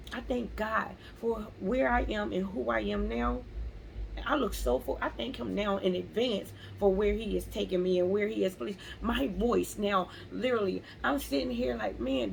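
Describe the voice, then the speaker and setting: Woman, gravelly fry, fairly high voice, earnest faith talk, repeats lines, faint background noise. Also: poor audio. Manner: earnest, repeats phrases for emphasis. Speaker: motivational vlogger. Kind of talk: casual faith-based encouragement.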